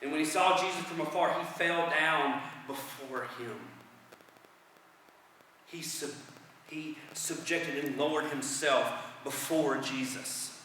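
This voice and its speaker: A man preaching a sermon, earnest, repeating phrases and slowing down for emphasis. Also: a little high, sharp tone, slight background noise. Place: church hall. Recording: echoey hall from far off.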